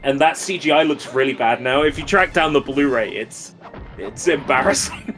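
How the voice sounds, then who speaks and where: A man chats loosely alongside the host, rambling through jokes and asides. His pitch is mid-range for a man. Faint music runs underneath his voice. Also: moderate pace, a bit bright. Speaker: co-commentator. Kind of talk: casual chat.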